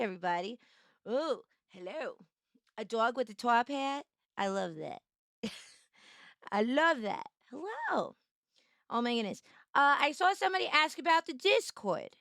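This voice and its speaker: A woman's voice: high-pitched, fairly bright tone, no room sound, clean studio sound. A woman streamer chatting casually on a live stream, greeting viewers by name in a bubbly, playful way.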